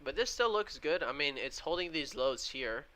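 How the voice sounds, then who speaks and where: A man's voice: fairly high pitch, lively intonation, moderate pace, sharp tone. A man casually walking viewers through his trades on a live stream and answering chat. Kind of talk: live trading stream commentary.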